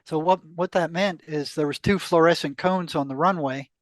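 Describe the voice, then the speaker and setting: A man's voice: a little high, moderate pace, no echo. An older man casually telling a long personal story in an interview, acting out quoted exchanges and laughing along the way.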